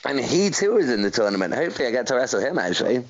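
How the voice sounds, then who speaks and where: A man's voice: medium pitch, big pitch swings, racing, rough recording. A young man from England, a wrestler being interviewed, chatting casually in a rambling way with many fillers and frequent laughs. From England, Welsh parents. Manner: laid-back, laughs often, rambling with fillers. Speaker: professional wrestler, guest.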